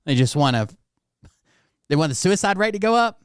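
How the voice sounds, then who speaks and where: A man's voice: high-pitched, big pitch swings, a little fast, clear, resonant tone, dry recording, studio quality. Blunt, profane man reacting to clips. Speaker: channel host reacting to clips. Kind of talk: casual reaction commentary.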